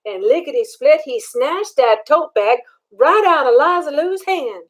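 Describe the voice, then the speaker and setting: An older woman reads a picture book aloud to children, pausing to ask them what they see. Her voice is high and she takes her time, keeping the telling animated. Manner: animated, asks children questions. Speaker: storyteller.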